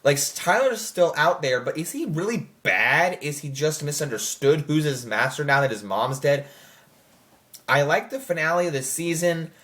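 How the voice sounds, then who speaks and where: A man's voice: on the high side, lively intonation, moderate pace, a bit bright. A man giving a casual spoken review of a series, rambling with many fillers and restarts. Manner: rambling, filler-heavy, self-correcting. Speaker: show reviewer.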